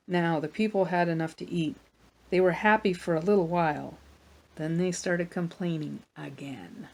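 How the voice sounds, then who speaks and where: A woman reading a children's Bible story aloud for a church, in a plain, gentle storytelling manner with small asides. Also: lowish voice, moderate pace, creaky.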